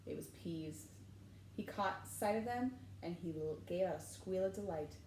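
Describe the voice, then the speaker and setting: Woman teacher, storybook read-aloud, animated, echoey room with faint background hum. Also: lowish voice, unhurried. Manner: animated, switching voices for characters.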